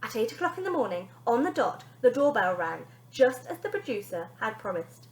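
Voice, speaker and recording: A woman teacher reading a children's storybook aloud to her class in an expressive, playful way. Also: a little high, a little fast. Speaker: primary school teacher. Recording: echoey room.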